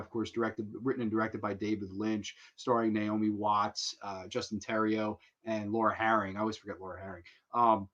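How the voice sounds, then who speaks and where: A man hosting a casual livestream, excitable and profane, laughing often as he talks. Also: fairly low pitch, muffled recording. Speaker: livestream host.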